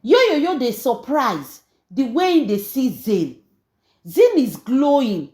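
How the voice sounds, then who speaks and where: A woman's voice: sits high, big pitch swings, slow pace, dark tone, roomy sound. A Nigerian woman hosting a gossip channel, talking in a chatty, mocking way as she mixes Pidgin and English in celebrity gossip commentary.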